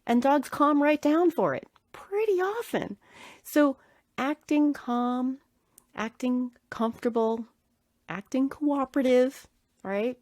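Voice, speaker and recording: A woman's voice: high voice, darkish tone, no echo, studio quality. A woman hosting a solo podcast that teaches dog grooming. She coaches earnestly and repeats key words for emphasis.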